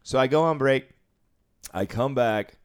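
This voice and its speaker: A man's voice: medium pitch, a little slow, smooth. A man who deals craps, telling a casual, profanity-laced story about work and laughing as he goes. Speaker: casino craps dealer.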